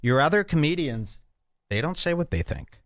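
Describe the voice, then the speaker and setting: A man talks in a casual, mocking way, his pitch swinging up and down as he reacts to clips. His voice sounds close and dry, with no room around it. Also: moderate pace, no room sound. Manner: animated, mocking, jumps between loud and quiet. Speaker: podcast host reacting to clips. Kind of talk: casual commentary.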